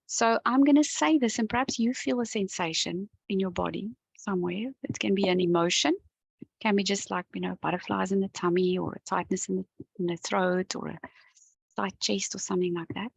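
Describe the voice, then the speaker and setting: A woman coach gently talking viewers through an EFT tapping session, yawning and sighing as she relaxes. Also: medium pitch, brisk, gravelly, breathy edge, dry recording, poor audio. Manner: gentle, calm, talks the viewer through each step. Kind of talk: guided tapping session to camera.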